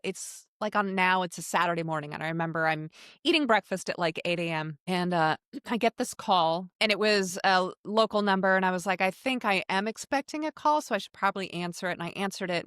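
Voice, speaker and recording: A woman's voice: lowish voice, a bit bright, clear, resonant tone, no echo, studio quality. A young adult woman on a podcast, telling her own story frankly and candidly, with some swearing and little impressions of the people in it. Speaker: podcast co-host sharing her cancer story.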